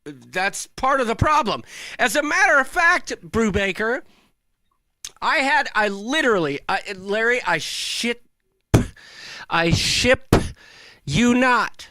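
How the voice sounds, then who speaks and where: A man's voice: extremely high pitch, very animated, slow pace, pauses often, pushed and bright, no echo. A man co-hosting a live show, chatting casually and ranting with mock outrage. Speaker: co-host.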